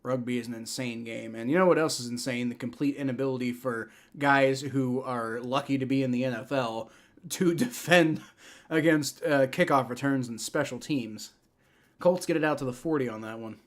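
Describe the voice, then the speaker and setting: A young man from the United States hosting a casual livestream, reacting to a game and chatting, rambling through lots of restarts and fillers. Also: mid-range voice. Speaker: livestream host. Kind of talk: casual live reaction and play-by-play.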